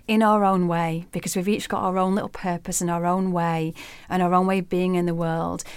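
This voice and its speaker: A woman guest on a podcast, telling a myth as a vivid, expressive storyteller. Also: lowish voice, dry recording. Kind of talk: storytelling in an interview.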